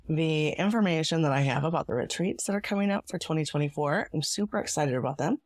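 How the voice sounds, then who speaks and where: A woman hosting her own podcast, talking in a reflective, earnest way with a hoarse, gravelly voice from being sick. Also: deep voice, darkish tone, no echo. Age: adult parent. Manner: reflective and earnest, with small laughs. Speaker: podcast host. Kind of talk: solo podcast monologue.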